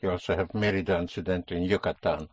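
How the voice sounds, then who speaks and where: A man's voice: sits low, steady tone, rapid-fire, husky, dry recording. A man teaching a language lesson, explaining a stress rule patiently and stressing key words.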